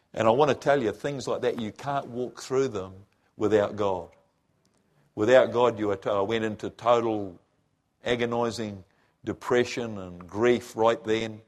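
Emotional man giving halting personal testimony. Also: fairly low pitch. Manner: emotional, halting, with many restarts. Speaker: former missionary and preacher.

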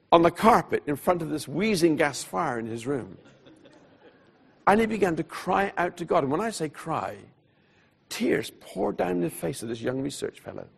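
A man preaching, telling a personal story in an animated way and voicing the people in it, then going hushed at solemn moments. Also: on the high side, vocal fry, husky. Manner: animated storyteller who voices the people in his tale; drops to a hushed, quiet delivery at solemn moments. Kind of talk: storytelling sermon.

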